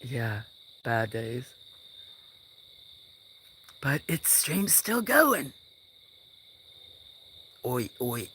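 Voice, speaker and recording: A farm live streamer chatting outdoors at night, rambling through stories and often dropping to a hush. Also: mid-range voice, big pitch swings, drawn-out words, pauses often, breathy edge. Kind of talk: casual live-stream chat. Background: crickets chirping.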